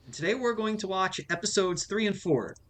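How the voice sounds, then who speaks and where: Law student podcaster, even-paced chat. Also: male voice, high voice, fairly quick. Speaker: podcast co-host. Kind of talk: casual chat. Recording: lo-fi home recording.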